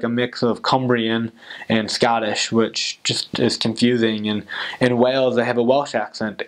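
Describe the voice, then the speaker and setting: A young man, a returned missionary, giving casual advice in a rambling way full of "like" fillers. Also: mid-range voice. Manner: rambling, heavy use of "like" fillers.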